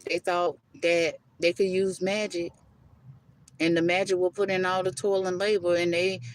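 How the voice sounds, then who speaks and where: A woman's voice: fairly low pitch, flat delivery, normal speed. A woman giving a live tarot-style spiritual reading, emphatic and repetitive, calling the listener baby and honey, talking loosely with self-interruptions. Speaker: tarot reader.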